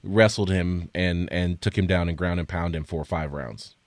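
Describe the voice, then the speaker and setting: A man's voice: deep voice, moderate pace, no room sound. Dry-voiced man telling a story. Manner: animated storyteller, stammers when pressed. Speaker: podcast co-host. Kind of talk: casual sports chat. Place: studio.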